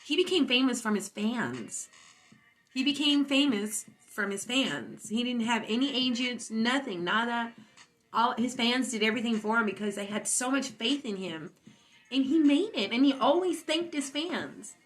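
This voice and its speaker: A woman's voice: fairly high pitch, animated, normal speed, faint music behind. A stoned woman hosting a casual livestream, rambling, boastful and giggly. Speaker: livestream host.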